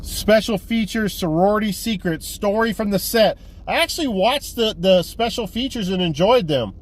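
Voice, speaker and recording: A man's voice: high-pitched, normal speed. A man giving a casual movie haul review, rambling and swearing as he retells a plot. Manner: rambling, profane, animated retelling. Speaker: movie collector vlogger.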